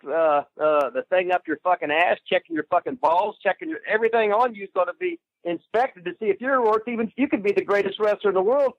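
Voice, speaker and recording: Guest spot: a high-voiced man who swears nonstop and rambles, phoned in on a dull line. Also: no room sound. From Indiana. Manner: rambling, swears constantly, crude. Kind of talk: profane casual chat.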